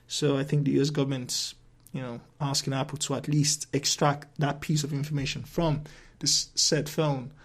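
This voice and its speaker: A man's voice: a little high, vocal fry. A man hosting a solo podcast, ranting and rambling with plenty of profanity and restarts. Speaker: podcast host.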